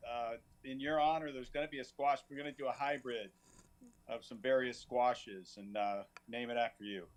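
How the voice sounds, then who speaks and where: A man's voice: mid-range voice, steady tone, normal speed. A man who is the show's producer, speaking earnestly and gushing with over-the-top praise in comedic banter. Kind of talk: comedic variety show banter. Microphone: studio microphone.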